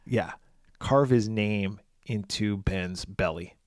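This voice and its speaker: A man's voice: fairly low pitch, slow, no room sound, clean studio sound. A man co-hosting a podcast, recapping a film's plot in casual, profane, joking chat. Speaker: podcast co-host. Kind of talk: casual horror film review chat.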